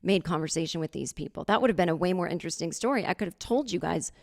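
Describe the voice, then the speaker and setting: A woman hosting a podcast, telling a comic story in a sarcastic, animated way and acting out other people's lines. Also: lowish voice, fast, vocal fry. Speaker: podcast host. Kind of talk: comedic storytelling monologue.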